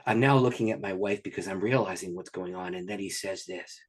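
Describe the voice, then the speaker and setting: A pastor, a man, telling a story as a guest in an interview, in an animated and excited way. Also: low voice, a little fast, hardly any pauses, husky.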